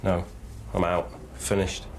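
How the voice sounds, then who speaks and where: An actor playing a terse, clipped former soldier in a television drama. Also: male voice, low-pitched, monotone, takes it slowly, creaky, a little hiss or hum, full character voice. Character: gruff ex-soldier bouncer, terse.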